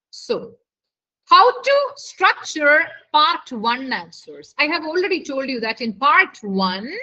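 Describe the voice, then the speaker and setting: A woman's voice: high voice, bright, forceful tone. A woman teaching a live online lesson as a tutor. She coaxes her students and keeps checking whether they follow. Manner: coaxing, keeps checking with the class. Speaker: IELTS speaking tutor. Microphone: video call. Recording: lo-fi online call audio.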